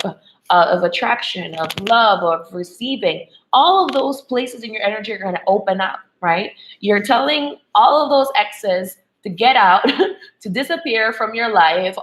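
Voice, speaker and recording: A woman's voice: medium pitch, low-quality recording. A woman love coach giving a motivational spiritual talk to women, checking in with "okay?" and "right?" as she goes.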